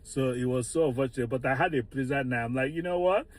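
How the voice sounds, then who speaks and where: A man's voice: medium pitch, quick pace. A man, a nurse, sounding resigned and wry.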